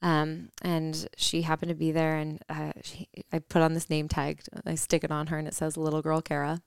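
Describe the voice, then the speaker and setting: A woman in her thirties tells a personal story with earnest reflection, pausing on fillers and restarts. Her voice sits low and very clear, with a gravelly edge at the ends of phrases, recorded dry and close. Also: completely flat delivery, no room sound. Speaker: podcast co-host.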